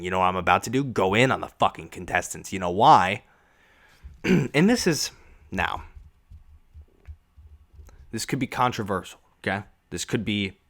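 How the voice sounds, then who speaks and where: Man, young adult, low voice, podcast host, sarcastic, swearing, animated rant. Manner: profane, sarcastic, animated ranting. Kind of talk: casual ranting monologue.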